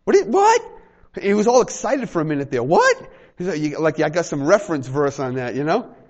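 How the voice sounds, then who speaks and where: A pastor with a slightly high voice talks fast in this muffled recording of a sermon to a small congregation. He's animated, acting out brief dialogues and joking with the people in the room.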